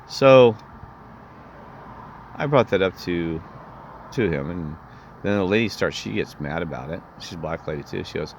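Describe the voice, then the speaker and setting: A man's voice: low-pitched, expressive, normal speed, vocal fry, long pauses, lo-fi sound, slight background noise. A man telling a rambling personal story in an indignant, meandering way, often restarting his sentences. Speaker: vlogger.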